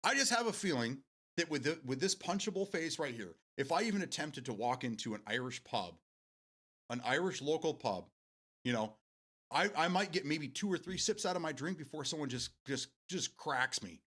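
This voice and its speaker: A man's voice: fairly high pitch, animated, normal speed, a bit bright, breathy edge. An American man hosting a live stream, chatting casually with viewers in a rambling way and laughing often. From United States.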